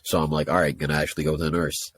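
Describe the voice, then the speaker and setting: Deep voiced young guy on a podcast, rambling funny story, swears casually. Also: flat delivery, very fast. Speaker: podcast co-host. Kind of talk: casual chat.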